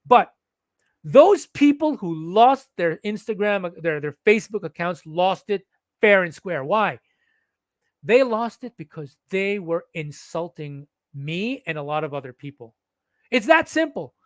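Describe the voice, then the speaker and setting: A man's voice: high-pitched, animated, measured pace, no echo, clean studio sound. A man giving an emphatic first-person account to his followers, repeating and restarting words as he asks and answers his own questions. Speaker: social media commentator.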